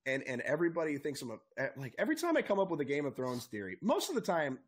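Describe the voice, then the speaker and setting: A young man chats on a podcast, his husky voice leaping up and down as he rants with plenty of swearing. He sits a bit high for a man and never stays flat for long. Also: rapid-fire. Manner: excitable, profane ranting. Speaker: podcast co-host. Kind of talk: casual chat.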